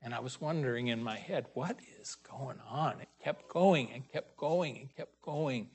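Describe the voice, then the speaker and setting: A man preaching a sermon, pausing often and raising his voice to stress scripture readings. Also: mid-range voice, a little mellow.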